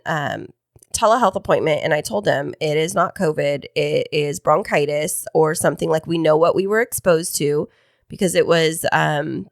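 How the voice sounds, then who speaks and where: Talkative woman podcast co-host, slightly low voice. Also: no echo, clean studio sound. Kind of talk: casual chat. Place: home podcast studio.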